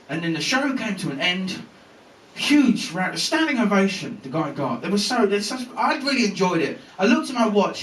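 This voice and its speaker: Animated man doing stand-up, far off. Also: high-pitched, slight background noise. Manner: swearing, animated storytelling with voices. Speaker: stand-up comedian. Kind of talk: live stand-up set. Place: comedy club stage with laughing audience. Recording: roomy bootleg audio from far off.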